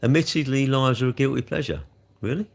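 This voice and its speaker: Brisk and mid-range, a man's voice carries a casual live stream where he responds to chat comments. He rambles along and scolds trolls with escalating heat.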